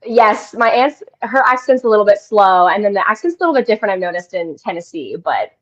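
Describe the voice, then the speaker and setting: A bubbly young woman from the Denver area chats as a guest on a radio show and tells her stories with plenty of laughs. Her voice sits in a middle pitch. The sound is a little dull and lo-fi. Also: very animated, brisk. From Denver area, Colorado. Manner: bubbly, laughs often, storytelling. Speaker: guest actress. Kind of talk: casual radio interview.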